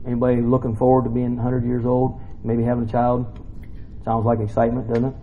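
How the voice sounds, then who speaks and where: A man's voice: mid-range voice, monotone, fairly quick, narrow, tinny audio, a little hiss or hum. A man giving a casual, jokey sermon in a church, rambling into asides between scripture readings. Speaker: preacher.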